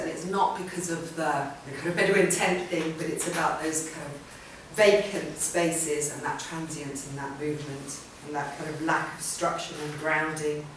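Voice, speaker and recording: A woman's voice: sits low, a bit bright, a little hiss or hum. A woman artist giving an informal public talk about her work, chatty and rambling, with many ums and restarts. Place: event room or hall. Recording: roomy hall sound from a distant mic.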